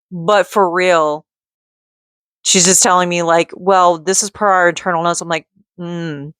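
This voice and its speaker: Low-voiced woman ranting in a vlog. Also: no room sound. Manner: frustrated, rambling, talks in bursts with many fillers. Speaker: vlogger; mother and call center worker.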